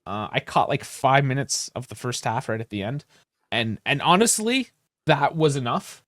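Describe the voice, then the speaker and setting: A man co-hosting a casual sports podcast, laid-back and measured, laughing easily. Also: medium pitch, expressive, a bit bright, dry recording, clean studio sound. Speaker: podcast co-host.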